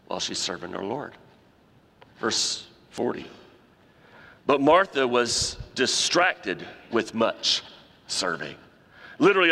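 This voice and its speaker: A pastor with a creaky, medium-pitched voice preaches a sermon in a church sanctuary, animatedly acting out quoted voices. The large hall gives the recording a long reverb.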